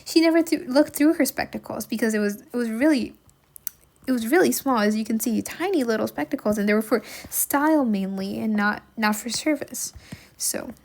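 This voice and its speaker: A woman's voice: fairly high pitch, normal speed. A woman reading a classic novel aloud and explaining it as she goes, in a chatty, musing way full of fillers. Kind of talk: read-aloud lesson with commentary.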